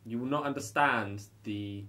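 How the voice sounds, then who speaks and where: A man's voice: medium pitch, measured pace, bright, forceful tone. A wry man in casual chat, co-hosting a film review podcast. He sounds opinionated in a mid-range voice and often restarts his sentences.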